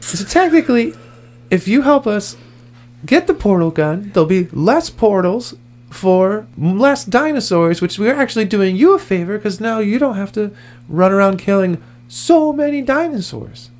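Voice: medium pitch, expressive, a little mellow, close to an everyday voice. A player voicing a clever child scout in an improvised tabletop game, asking pointed questions and making plans. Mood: scheming. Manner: quick, scheming, questioning. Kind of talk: improvised tabletop role-play.

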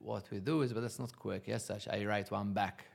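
A man with a gravelly, creaky voice chats as a podcast guest. He rambles, restarts sentences and laughs easily while recalling family habits. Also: on the low side, steady tone, fairly quick. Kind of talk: casual chat.

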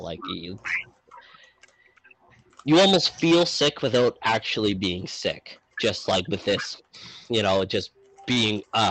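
A man's voice: fairly low pitch, a bit bright, rough recording. A man running a tabletop game as game master, narrating in a rambling way with many fillers.

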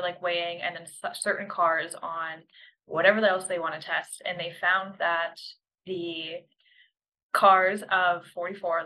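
A woman's voice: lowish voice, sharp tone, poor audio. A woman with a Canadian accent co-hosting a podcast, explaining the news and correcting herself as she goes. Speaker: podcast co-host.

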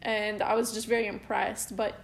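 Young woman in relaxed podcast chat. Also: mid-range voice, normal speed, noisy background. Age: young adult. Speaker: podcast co-host. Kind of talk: casual chat.

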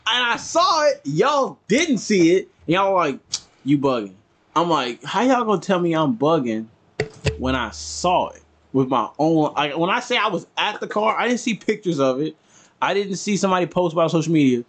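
A man tells a story on a casual podcast, switching into the voices of the people in it. His voice sits a little high and swings up and down with lively energy. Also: normal speed. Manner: animated, acts out quotes of family. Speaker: podcast co-host.

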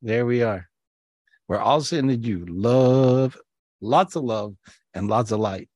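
A man hosts a live healing session over a video call as a spiritual healer and show host, warm, effusive and forever repeating phrases. His mid-range voice moves slowly and sounds affectionate and eager, coming through dry and close with no echo or room around it.

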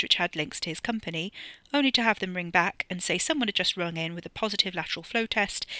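An author reads their own novella in a brisk, wry voice. The tone is very bright and crisp, with no room sound. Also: mid-range voice, no echo. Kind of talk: audiobook narration.

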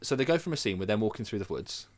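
Animated, swearing man ranting. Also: lowish voice, racing. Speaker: podcast co-host. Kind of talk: casual chat.

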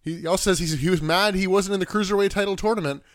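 A man's voice: high voice, quick pace, no echo. A young man co-hosting a podcast, recapping in casual chat with dry jokes. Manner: dry jokey recap narration. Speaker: podcast co-host.

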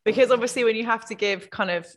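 A woman's voice: fairly high pitch, fast talker. A woman co-hosting a casual chat, playful and asking follow-up questions. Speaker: podcast co-host.

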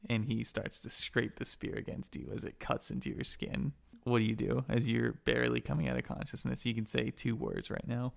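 A man's voice: mid-range voice, lively intonation, fairly quick, vocal fry. A man narrating as game master of a tabletop game, telling the story in a casual, crude way.

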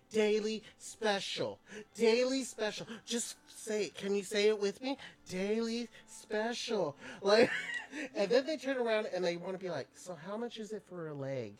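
A woman's voice: medium pitch, moderate pace. A woman hosting a podcast, chatting casually with lots of laughter and fillers. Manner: laughing often, many fillers. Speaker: podcast host. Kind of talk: casual chat.

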